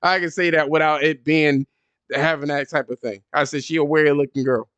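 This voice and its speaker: A man hosting a casual podcast, telling stories in an animated, profane way and jumping high when he quotes people. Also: moderate pace, clean tone, no echo, muffled recording. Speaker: podcast host.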